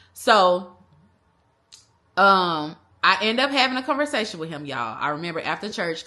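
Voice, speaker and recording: A young woman telling a personal story in a casual, animated way, using slang and acting out the other people. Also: fairly low pitch. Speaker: vlogger. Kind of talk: storytime vlog.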